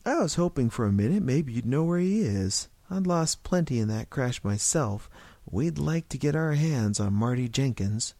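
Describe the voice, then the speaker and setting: A man's voice: mid-range voice, expressive, moderate pace, mellow, no room sound. A man voicing a gossipy older small-town shopkeeper with a folksy drawl.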